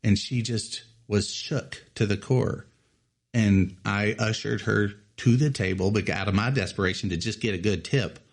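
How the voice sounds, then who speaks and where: A man in his thirties telling a personal story in casual chat, animated and often laughing as he acts out other people's lines. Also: fairly low pitch, moderate pace. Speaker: podcast co-host telling a story.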